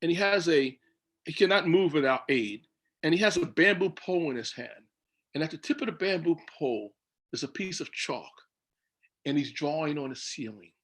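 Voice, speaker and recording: Man, bright voice, animated storyteller, video call. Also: fairly high pitch, normal speed. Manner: animated storytelling, acts out his own quoted lines. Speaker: children's book illustrator. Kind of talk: casual talk on a video call panel.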